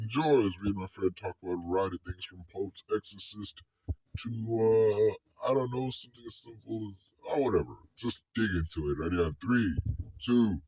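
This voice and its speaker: Low, mellow-voiced male podcast host. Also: no echo, rough recording. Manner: loose, offhand, rambling. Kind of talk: casual podcast intro.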